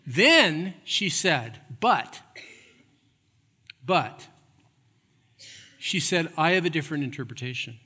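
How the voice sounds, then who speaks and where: A man delivers a sermon from the pulpit, his voice bright, forceful and set a little high for a man. He shifts from funny storytelling to emphatic preaching. The church gives his words a long, ringing reverb. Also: big pitch swings, slow, pauses often, breathy edge. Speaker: pastor. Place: church sanctuary.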